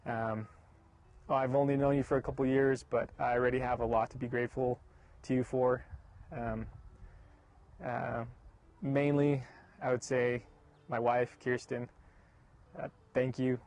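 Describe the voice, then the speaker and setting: Flat-voiced hesitant man. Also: medium pitch, unhurried, long pauses. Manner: hesitant, earnest, many fillers. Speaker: son-in-law. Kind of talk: personal video message.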